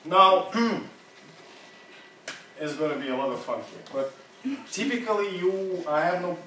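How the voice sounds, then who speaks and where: Man, native Russian speaker, higher voice, roomy classroom, off-mic. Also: animated, sharp tone, a little hiss or hum. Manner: casual, halting, laughs often. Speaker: seminar teacher. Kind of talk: classroom seminar talk. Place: university classroom. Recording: echoey room from a distance.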